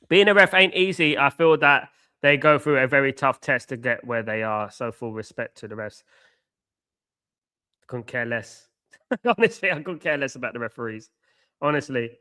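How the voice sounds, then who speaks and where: A young man runs a live football watchalong stream. His voice sits at an everyday middle pitch but sounds bright and forward. He talks casually, bantering with viewers and circling back over the same points. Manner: chatty, repeats himself, banters with viewers. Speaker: watchalong host reading live chat. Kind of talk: live stream commentary and chat.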